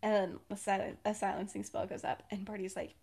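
A woman's voice: medium pitch, steady tone, brisk, gravelly, a little mellow, slightly rough. A young woman co-hosting a podcast, casually retelling her fan-fiction story with many fillers and frequent laughs. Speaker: podcast co-host.

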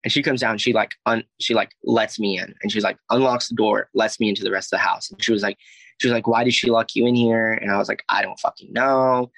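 Speaking quickly with a steady tone, a young Alabama guest rambles through his personal story, packed with "like" and "I was like" and frequent cursing. His lowish voice is creaky and fairly bright, recorded without room sound on poor audio.

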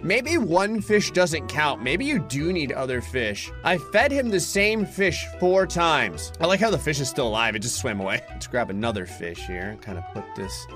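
A man giving let's-play commentary on a mobile game, excitable, laughing often and yelping in surprise. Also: medium pitch. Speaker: gaming commentator.

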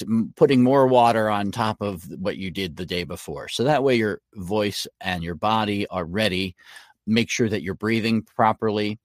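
A man's voice: lowish voice, dry recording, clean studio sound. A man, a voiceover coach, giving instructive advice as a guest in a podcast interview.

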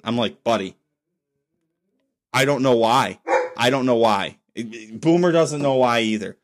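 A young adult man hosting his own podcast, rambling casually and swearing freely while sipping beer. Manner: rambling, profane, lively pitch swings. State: drinking beer while recording. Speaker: podcast host. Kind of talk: casual solo podcast monologue.

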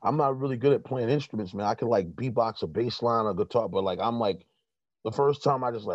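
A relaxed middle-aged man talks in a loose, rambling way, full of fillers and restarts. The sound is dry and somewhat dull, recorded close. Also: mid-range voice, fairly quick, no echo. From New York. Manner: laid-back, rambling with many fillers. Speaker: guest. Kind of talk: casual chat.

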